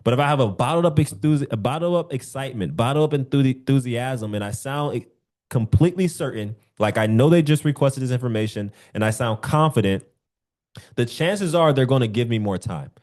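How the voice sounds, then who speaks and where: A young man coaching insurance agents on a call, animated, acting out sample phone calls. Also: medium pitch, brisk. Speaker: sales coach.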